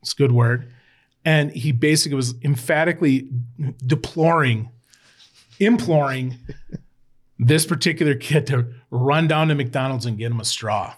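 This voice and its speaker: A man's voice: medium pitch, normal speed. Man telling a rambling story. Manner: rambling, animated, swears freely. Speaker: podcast guest, former college football player. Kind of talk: casual storytelling chat.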